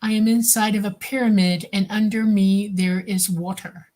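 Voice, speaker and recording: A woman under hypnosis, slowly describing visions in a halting way. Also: medium pitch, steady tone, a little mellow. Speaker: hypnosis client.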